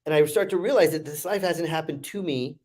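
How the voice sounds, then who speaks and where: A man's voice: fairly high pitch, brisk, darkish tone. Earnest man telling a heartfelt story. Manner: earnest, repeats phrases. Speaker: podcast guest. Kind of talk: emotional storytelling.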